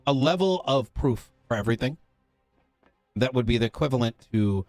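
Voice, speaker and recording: A man in character as a police officer in a roleplay game, lecturing in earnest and stopping often to pick his words. His voice sits at an everyday middle pitch, and the sound is close and dry with no room in it. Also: animated, a little mellow, no echo, faint music behind. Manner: earnest, lecturing, halting with fillers.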